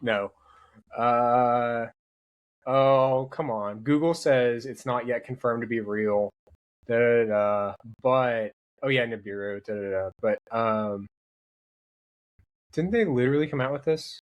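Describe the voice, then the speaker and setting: A man's voice: medium pitch, slow pace. A young man in casual podcast chat, joking and rambling as he goes. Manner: joking, rambling, self-interrupting. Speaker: podcast guest.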